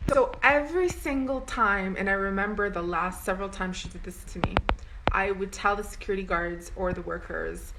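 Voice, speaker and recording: A woman's voice: mid-range voice, moderate pace, very noisy. A young adult woman vlogging to camera, telling a personal story in a rambling, emotional way with some swearing.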